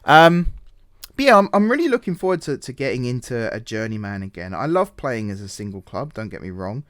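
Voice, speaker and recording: A man's voice: mid-range voice, sing-song, a little fast, dry recording. Rambling self-mocking man, dry close mic. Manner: rambling, self-deprecating, many fillers and restarts. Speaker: gaming channel host. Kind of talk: casual let's-play commentary.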